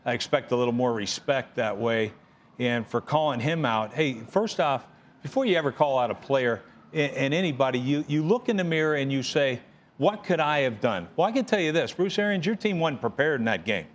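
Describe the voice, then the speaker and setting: A man's voice: medium pitch, lively intonation, brisk, slight background noise. A man giving opinionated studio commentary as an analyst, blunt and emphatic.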